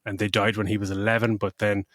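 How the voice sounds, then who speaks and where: A man's voice: lowish voice, flat delivery, fast talker, fairly bright tone, no room sound, studio quality. A middle-aged man co-hosting a podcast, gushing about a film in casual chat, swearing freely and tripping over restarts. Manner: emotional when retelling scenes. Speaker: podcast co-host.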